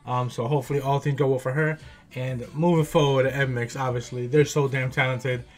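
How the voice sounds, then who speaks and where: A man casually reacting to a music video, excitable and slangy, with a groggy morning voice. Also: mid-range voice, brisk. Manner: excitable, slangy, peppered with "bro" and "gassed".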